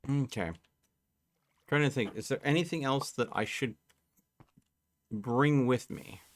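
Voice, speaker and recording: Slow-talking man streaming a game. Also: medium pitch. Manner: slow, thinking aloud while playing. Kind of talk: casual live gameplay chat.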